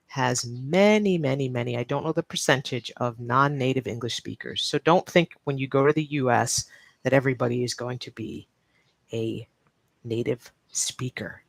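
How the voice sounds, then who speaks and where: A woman's voice: extremely low pitch, dry recording. Patient woman English teacher, dry sound. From New York, United States. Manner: patient, explanatory, repeats key points. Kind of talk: live-stream teaching talk.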